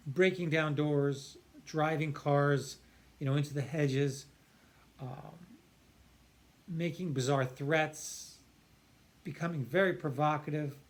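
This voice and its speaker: A man's voice: a little high, steady tone, takes it slowly, pauses often. A man, a psychiatrist, explaining earnestly and emphatically, stretching key words and often restarting his sentences. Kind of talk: explanatory talk to camera.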